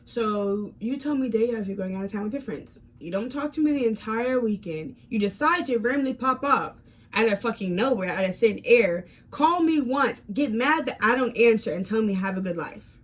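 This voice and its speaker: A woman in her twenties with a fairly high voice tells a story casually to her viewers. She talks in an animated way, stumbling over repeated words and fillers. She moves from calm retelling to heated outbursts. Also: moderate pace. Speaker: fitness vlogger.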